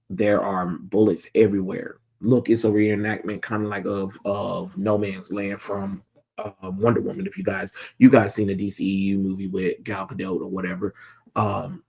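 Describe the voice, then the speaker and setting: A man's voice: on the low side, gravelly, a little mellow. A man casually recapping a comic book issue, rambling with lots of ums and blunt, sarcastic asides. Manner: rambling, many filler ums.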